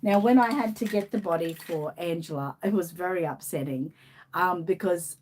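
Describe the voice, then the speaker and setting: A woman's voice: on the low side, moderate pace, darkish tone. Chatty Australian woman hosting a live chat. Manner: chatty, laughs often, reads out viewer comments. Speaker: channel host. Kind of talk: casual live-stream chat.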